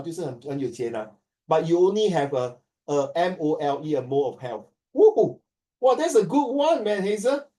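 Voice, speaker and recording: A Singaporean teacher talks to his students in an animated, storytelling style, switching freely between languages and acting out quoted dialogue. His voice is slightly high, warm and mellow, and sounds distant, as if captured by a mic placed well away from him.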